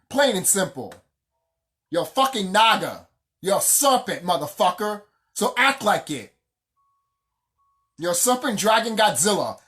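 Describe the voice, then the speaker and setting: Profane vlogger ranting with swinging pitch. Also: a bit bright. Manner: profane, heated and emphatic, repeats phrases for stress. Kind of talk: casual unscripted rant.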